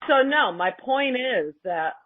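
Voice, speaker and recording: A woman's voice: high voice, expressive, slow, no room sound. A woman hosting a talk show, speaking casually, emphatic and opinionated with mild slang. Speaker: podcast host. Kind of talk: casual chat. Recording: tinny phone line.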